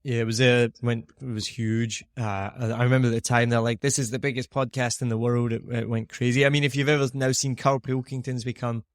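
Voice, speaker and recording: A man's voice: mid-range voice, level tone, fairly quick, hardly any pauses, no echo, studio quality. Scottish man telling stories on a podcast. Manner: chatty storyteller, laughs often. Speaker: podcast host. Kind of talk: casual podcast conversation.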